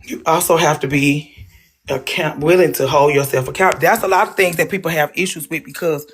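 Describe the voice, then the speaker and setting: A woman's voice: deep voice, fairly even intonation, brisk, husky. A woman, chatting casually on a livestream and pleading with her pet between remarks to viewers. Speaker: livestream host.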